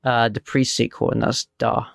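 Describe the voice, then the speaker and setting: A man with a gravelly, fry-laden voice of middling pitch is co-hosting a casual podcast. He talks in a hesitant, easygoing way, recorded close and dry. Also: flat delivery, moderate pace, dry recording. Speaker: podcast co-host. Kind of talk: casual chat.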